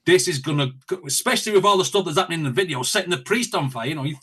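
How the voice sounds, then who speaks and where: A man's voice: fairly high pitch, animated, very fast, fairly bright tone, slight background noise. A man chatting as an interview guest, telling stories animatedly with quoted asides. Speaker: guest, reaction video creator. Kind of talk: casual interview chat.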